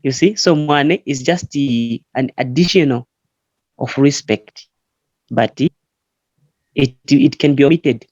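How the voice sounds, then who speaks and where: A man from Zambia teaching a language in an online class, explaining slowly and patiently with frequent fillers. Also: on the high side, darkish tone, no echo. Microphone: online call. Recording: muffled online call audio.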